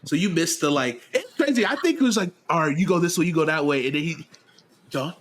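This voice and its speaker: A man's voice: fairly high pitch, animated, quick pace. A man hosting a podcast in casual chat, recapping at length with lots of fillers. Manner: rambling, filler-heavy recap. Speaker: podcast host.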